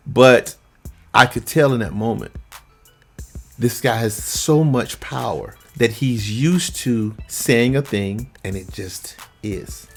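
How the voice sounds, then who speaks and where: A man, a vocal coach, telling a story to his viewers in a relaxed, conversational way and acting out what others said. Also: mid-range voice, husky. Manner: lively anecdote telling, acts out the other people's lines; relaxed, conversational, with frequent fillers. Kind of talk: casual storytelling to camera.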